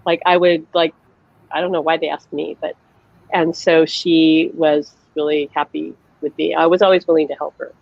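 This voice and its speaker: A woman's voice: deep voice, little pitch movement, normal speed, gravelly, no echo, muffled recording. A woman, a psychic medium hosting a live online chat, tells personal stories casually, acting out the voices she quotes and using lots of "like" fillers. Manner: chatty, acts out quoted voices, many "like" fillers. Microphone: video call.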